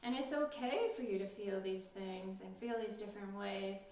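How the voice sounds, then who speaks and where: A woman leading a storytime lesson for toddlers in a gentle, sing-song, encouraging way, recorded in a library room. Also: mid-range voice, steady tone, normal speed. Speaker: children's librarian. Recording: echoey room, mic at a distance.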